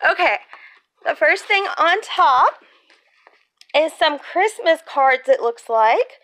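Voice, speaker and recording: A woman chatting casually while unboxing a gift on her bed, excitable and chatty with frequent squeals, filmed on a handheld phone. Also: sits high, slow. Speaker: crafts vlogger. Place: bedroom at home. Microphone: handheld phone camera.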